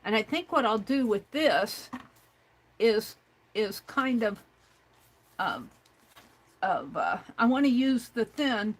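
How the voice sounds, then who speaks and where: Working through a crafting livestream, a chatty woman talks to herself and her audience and reads out chat messages. The audio is poor, and her voice is on the high side and a bit bright.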